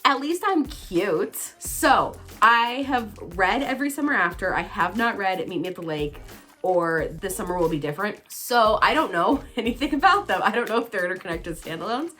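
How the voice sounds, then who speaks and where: A woman vlogging about books in an excitable, chatty way, teasing herself as she goes. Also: mid-range voice, normal speed, faint music behind. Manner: bubbly, excitable, self-teasing. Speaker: book vlogger. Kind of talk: casual chatty book talk.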